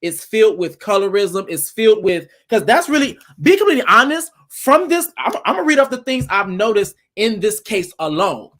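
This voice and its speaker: Emphatic panel host listing points. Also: male voice, high-pitched, big pitch swings, normal speed, few pauses, fairly bright tone. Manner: emphatic, lists points in repeated phrases. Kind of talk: casual panel discussion.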